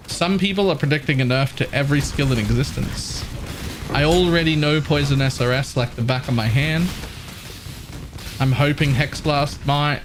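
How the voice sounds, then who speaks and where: A man's voice: on the high side, noisy background. A man chatting casually while live-streaming a game, wry and ranting, repeating lines for emphasis.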